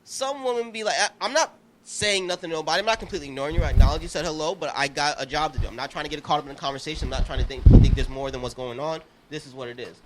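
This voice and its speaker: A man co-hosting a podcast, telling animated, profane stories in casual chat. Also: a little high, very fast, noisy background. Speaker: podcast co-host.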